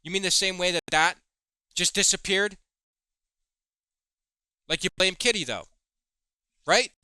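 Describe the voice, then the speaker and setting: Sharp, bright-voiced angry man. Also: high voice, unhurried, smooth, no room sound. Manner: accusatory, swears freely. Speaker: commentary host. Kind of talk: heated commentary reading chat logs aloud.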